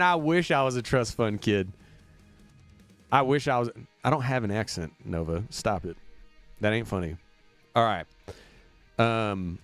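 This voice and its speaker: A man from Indiana, a band member booking a tour, chatting casually and upbeat on a livestream, rambling with plenty of fillers. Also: low-pitched. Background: faint demo music looping.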